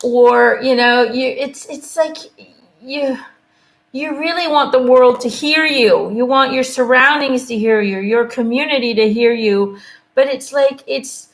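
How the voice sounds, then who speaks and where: A woman doing a live angel card reading, speaking gently and reassuringly and often checking in with "okay?" and "you know?". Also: sits high, a little slow. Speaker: intuitive angel card reader. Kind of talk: live card reading, casual spoken guidance.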